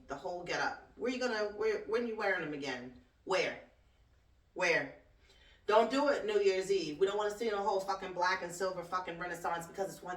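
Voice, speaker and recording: A woman hosting her own talk show, ranting bluntly and sassily with plenty of swearing and laughter. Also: fairly low pitch. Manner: blunt, profane, sassy, laughs often. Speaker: podcast host and cleaning business owner. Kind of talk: casual solo talk-show rant. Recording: roomy echo, distant from the mic.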